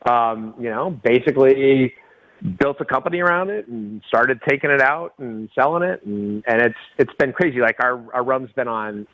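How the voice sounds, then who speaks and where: Middle-aged male guest, chatty anecdote-teller with frequent laughs, ordinary pitch, dull call-in audio. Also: moderate pace. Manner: laughs often, acts out quoted dialogue. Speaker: guest, winery and rum company owner. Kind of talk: casual storytelling interview.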